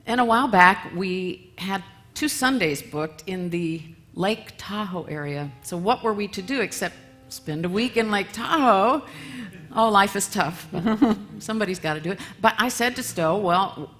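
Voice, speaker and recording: A woman giving a church talk, telling a story in a lively, self-mocking way with frequent laughs. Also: mid-range voice, measured pace. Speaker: guest speaker and musician.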